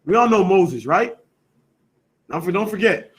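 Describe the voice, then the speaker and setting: A man with a somewhat high voice leads a scripture class. He teaches by call and response, repeating his questions and stressing each key word, with a steady "you know what I'm saying" running through his talk. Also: unhurried, rough recording. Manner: quizzing students with repeated questions, emphatic.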